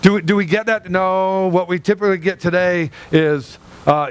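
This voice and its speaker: A middle-aged pastor preaches in a high, clean-toned voice that holds steady at normal speed. His delivery is loose and conversational; he often restarts sentences and acts out the voices of the people he quotes.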